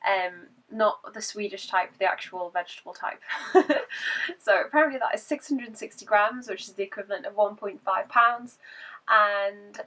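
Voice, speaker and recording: A woman talks through a casual vlog update, her voice croaky from a cold. She is chatty and laughs between points. She sits a little back from the microphone, so her voice sounds slightly distant. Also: mid-range voice, normal speed, bright, forceful tone. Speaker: vlogger.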